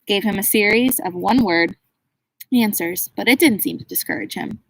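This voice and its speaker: A woman narrating a children's novel in a steady, expressive reading voice. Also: medium pitch, moderate pace, vocal fry, noisy background. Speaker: audiobook narrator. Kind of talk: scripted storybook narration.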